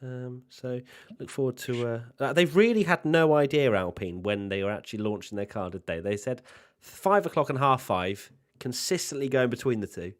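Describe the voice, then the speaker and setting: A man's voice: mid-range voice, animated, moderate pace, hardly any pauses. A man co-hosting a live stream in casual chat, teasing and sarcastic. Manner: playful, teasing, sarcastic asides. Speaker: co-host of a live watchalong stream.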